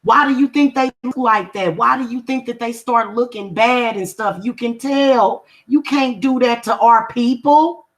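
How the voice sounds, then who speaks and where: A woman's voice: on the high side, a little slow, few pauses. A woman who reads and does spellwork, talking casually to viewers in a confrontational, emphatic way and repeating her points for stress. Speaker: spiritual practitioner and reader. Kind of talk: casual livestream talk to viewers.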